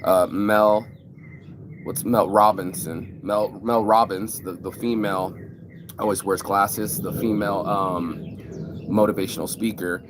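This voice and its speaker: Rambling, profane man with a lowish voice. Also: fairly even intonation, unhurried, noisy background. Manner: rambling, profane, frequent fillers and restarts. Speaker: vlogger. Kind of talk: casual rant to camera.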